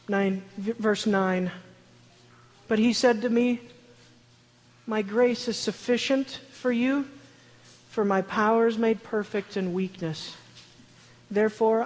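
A man preaching a sermon in an earnest way with a high-pitched voice, building to loud, emphatic declarations. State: shaky. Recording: long hall reverb.

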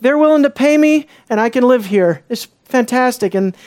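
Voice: mid-range voice, lively intonation, normal speed, a little mellow, lightly acted. Speaker doing a smug young hired priest. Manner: breezy, pleased with himself.

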